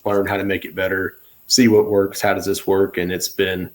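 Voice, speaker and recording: Young guy with a really deep voice, geeking out on his truck build in his garage. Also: little pitch movement, normal speed. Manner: enthusiastic tinkerer explaining his build. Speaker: guest. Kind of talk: casual chat. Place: home garage.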